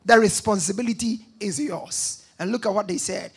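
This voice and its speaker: Man preaching, high voice, gravelly, husky, call-and-response, shouts at peaks. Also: moderate pace. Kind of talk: sermon with scripture reading.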